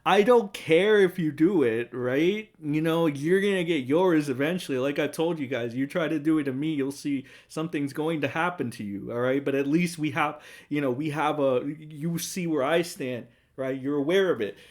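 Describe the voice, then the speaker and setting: A man's voice: fairly high pitch, moderate pace, few pauses. Profane, sarcastic young man ranting. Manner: profane, sarcastic, mocking voices of others. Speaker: political commentary streamer. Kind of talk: ranting commentary on social media posts.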